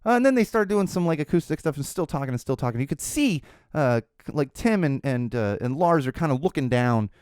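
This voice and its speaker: Smooth-voiced man telling a rambling story. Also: a little high, animated, a little fast, a little mellow, dry recording, clean studio sound. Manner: rambling, with many fillers and restarts. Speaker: podcast host. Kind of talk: casual storytelling.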